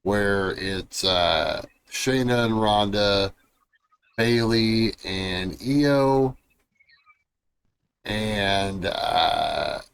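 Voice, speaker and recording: A man hosting a wrestling podcast in casual chat, laid-back and unhurried as he runs through the news. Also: on the low side, gravelly, clear, resonant tone. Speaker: podcast host.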